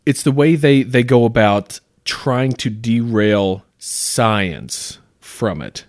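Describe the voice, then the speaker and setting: A man's voice: mid-range voice, animated, slow, no room sound, clean studio sound. A man co-hosting a podcast in casual chat, hesitant and stammering through restarts. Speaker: podcast co-host.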